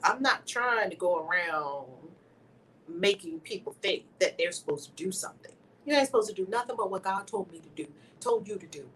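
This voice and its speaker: A woman hosting a spiritual channel, teaching with emphatic, preacher-like energy that swings between loud exclamations and hushed whispers. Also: medium pitch, animated, fairly quick. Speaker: host of a spiritual video channel. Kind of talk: impassioned spiritual teaching to camera. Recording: somewhat distant mic with faint background noise.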